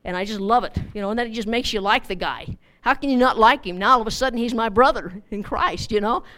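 A woman's voice: on the high side, quick pace, a bit bright. A middle-aged woman teaching a Bible study in a chatty, informal way, repeating words as she goes.

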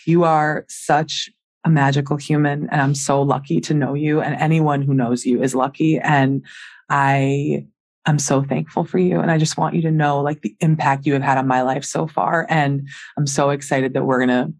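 A woman's voice: deep voice, little pitch movement, moderate pace, darkish tone. A woman hosting a podcast, talking in a heartfelt, effusive way with a friend. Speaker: podcast host. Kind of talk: casual chat.

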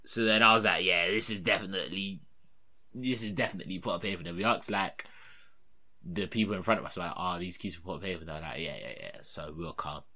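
A young man rambles through a story in loose slang, his voice low-pitched but cutting and very bright. He often trails off into a mutter between bursts. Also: fast. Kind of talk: casual storytelling chat.

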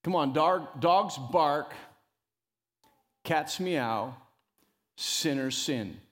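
A man preaching a sermon as pastor, emphatic and animated, often rising loud and dropping to a near hush. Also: drawn-out words, big-room sound. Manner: emphatic preacher who rises and drops in pitch and loudness, calling "come on".

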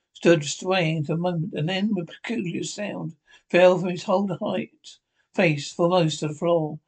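A man's voice: sits high, creaky. A man reading a novel aloud as narrator, stumbling and restarting often. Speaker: audiobook narrator.

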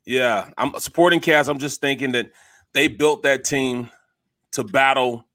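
A man's voice: mid-range voice, unhurried, sharp tone, no room sound. A man co-hosting a sports talk show, telling stories animatedly and laughing often into a studio microphone. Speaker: sports radio co-host.

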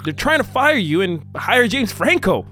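A man voicing an obsessive male fan turned killer, stammering and fake-nervous at first, then shouting frantically. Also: sits high, very animated, moderate pace, faint music behind, voice pushed up, heavily acted. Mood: frantic.

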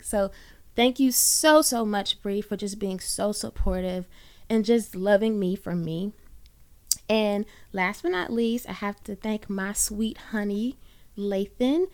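A woman's voice: mid-range voice, slow pace, smooth. A woman hosting a short encouraging podcast, talking earnestly to listeners and saying y'all often. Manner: earnest, warm-hearted, uses y'all and folksy phrasing. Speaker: podcast host. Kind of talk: encouraging faith podcast monologue. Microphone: own microphone.

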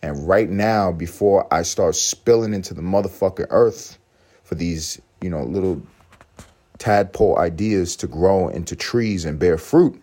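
Young male podcast host, very low voice, profane rambling rant. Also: unhurried, mellow. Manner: profane, rambling, self-mocking. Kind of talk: casual solo podcast rant.

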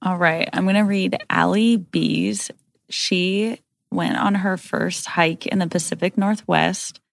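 Chatty young woman with a gravelly voice. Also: lowish voice, steady tone, slow pace, dry recording. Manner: chatty, rambling, heavy use of "like". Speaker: podcast co-host. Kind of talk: casual chat.

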